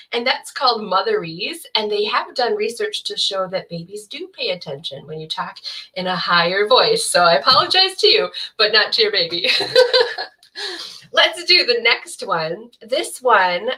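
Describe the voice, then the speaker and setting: A young adult woman librarian leading a baby rhyme session, explaining each rhyme in a slow sing-song way. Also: medium pitch, sharp tone. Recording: voice from some distance off the mic.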